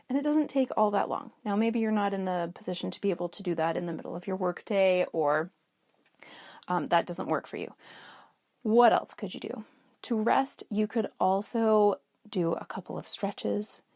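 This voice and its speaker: A woman's voice: medium pitch, moderate pace, mellow, no room sound, clean studio sound. A middle-aged woman hosting a self-care podcast, telling stories in a chatty way that restarts sentences. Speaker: podcast host. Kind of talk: casual self-care talk.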